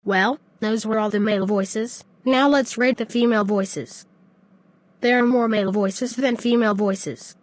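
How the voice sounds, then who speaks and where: A synthetic female voice reading a video script in a flat, even way. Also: fairly high pitch, a little slow. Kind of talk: text-to-speech narration.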